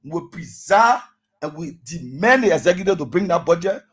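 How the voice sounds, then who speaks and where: A man's voice: a little high, lively intonation, normal speed, husky, poor audio. A man speaking as a student activist guest on a radio talk show, impassioned and rallying, repeating phrases. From Liberia. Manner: impassioned, rallying speech with repetitions.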